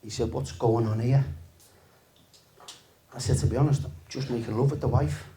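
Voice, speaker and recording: Man, 50s, stand-up comic, relaxed deadpan delivery, sweary. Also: medium pitch, normal speed, a little hiss or hum. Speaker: stand-up comedian. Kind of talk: stand-up comedy set. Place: live comedy venue with audience.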